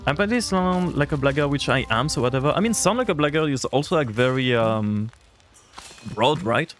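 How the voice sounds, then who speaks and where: A man's voice: mid-range voice, animated, brisk, fairly bright tone, soft background music. A man streaming a game live, chatting casually and answering his viewers' chat, rambling with lots of filler words. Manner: rambling, heavy use of "like" fillers; reacts to and answers chat aloud.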